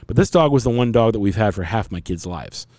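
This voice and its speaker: A man in his forties tells a long personal story in an earnest, rambling way, as on a casual podcast. His voice sits a bit low and sounds mellow and warm. The recording is close and dry. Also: lively intonation, a little fast, no echo.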